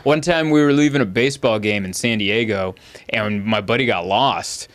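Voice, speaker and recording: A man hosting a casual comedy podcast, telling stories and jumping into high acted quotes. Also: moderate pace. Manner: animated storyteller, jumps high into acted quotes. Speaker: podcast host.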